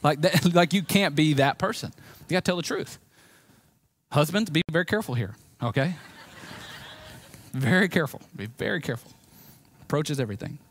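Animated Southern pastor preaching. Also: male voice, a little high, normal speed, long pauses. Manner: animated preaching with swings from loud emphasis to quiet. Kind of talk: sermon.

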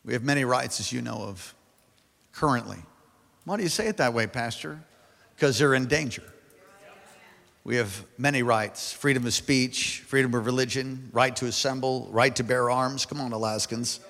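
A male pastor preaching a sermon to a large congregation, building to loud emphatic peaks and calling for responses. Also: medium pitch, steady tone, normal speed, creaky. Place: large church hall. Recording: long hall reverb.

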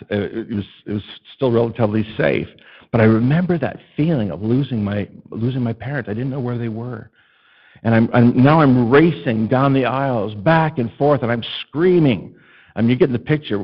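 A husky middle-aged man preaches a sermon with animated storytelling. His voice sits at an ordinary pitch. The recording sounds a little dull and muffled. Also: moderate pace. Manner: animated storytelling, acts out a child's panicked screams. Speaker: pastor.

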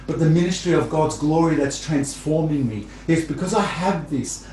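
A man preaching a sermon to his congregation. He talks in a conversational way, repeats phrases and gets animated when he tells stories. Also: on the high side, reverberant, slight background noise, poor audio.

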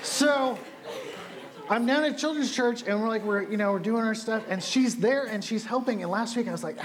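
A man's voice: sits high, normal speed. A man preaching as a youth pastor, telling stories in a casual, chatty way. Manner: casual, storytelling, animated asides. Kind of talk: sermon.

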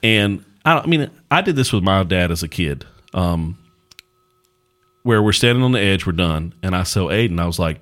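A man's voice: lowish voice, big pitch swings, brisk, fairly bright tone. A middle-aged man, a pastor hosting a podcast, telling a folksy story in casual chat.

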